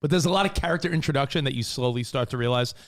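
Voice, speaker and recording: A man co-hosting a radio talk show, chatting animatedly and quick to laugh. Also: medium pitch. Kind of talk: casual radio banter.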